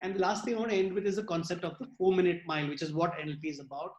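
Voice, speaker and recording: A man's voice: sits high, fairly even intonation, rapid-fire, darkish tone, roomy sound, dull audio. A man giving a workshop lecture, explaining ideas through acted-out example sentences and dropping his voice for commands. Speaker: workshop speaker.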